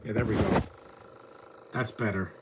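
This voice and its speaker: A man's voice: on the low side, steady tone, measured pace, background noise. A man giving casual live commentary on a movie, rambling and mocking what he sees on screen. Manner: rambling, chatty, mocking the film.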